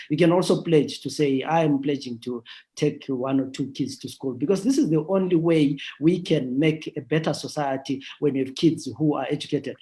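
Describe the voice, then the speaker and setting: A man's voice: on the high side, darkish tone. Earnest male radio host. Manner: earnest, appealing to listeners. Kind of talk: radio interview.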